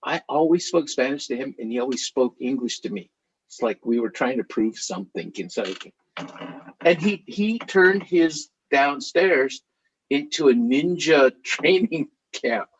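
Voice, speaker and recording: Animated storytelling man, husky voice. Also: medium pitch, measured pace, lo-fi sound. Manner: animated, chatty, laughs while telling stories. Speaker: author. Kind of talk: storytelling to a live audience.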